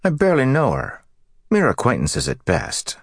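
A man's voice: mid-range voice, huge pitch swings, normal speed, no echo, clean studio sound, voice pushed up. A man voicing a grumbling, sarcastic young rogue in an audiobook. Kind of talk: audiobook character voice.

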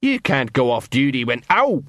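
A man's voice: medium pitch, big pitch swings, moderate pace, fairly bright tone, dry recording, studio quality. A man doing a blustering watch sergeant. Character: blustering middle-aged male watch sergeant.

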